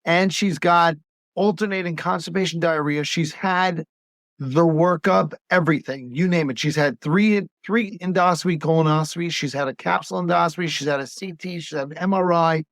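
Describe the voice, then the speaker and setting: A man's voice: on the high side, moderate pace, a bit bright, no echo, clean studio sound. A man who is a pediatric gastroenterologist, talking in a casual podcast conversation and telling stories as he acts out the voices of patients' parents.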